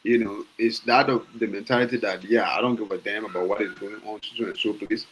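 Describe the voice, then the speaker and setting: A man's voice: fairly low pitch, fairly even intonation, a little fast, a bit bright, slight background noise, rough recording. A Liberian man with a Liberian accent talking casually on a podcast, passionate, often restarting phrases and asking rhetorical questions. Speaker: podcast host. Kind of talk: casual opinion talk.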